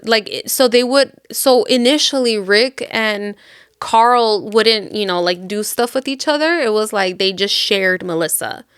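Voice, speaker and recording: A woman's voice: mid-range voice, a bit bright, clear, resonant tone, dry recording, studio quality. A woman podcast host casually retelling a book plot in a rambling way, with lots of filler words. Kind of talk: casual chat.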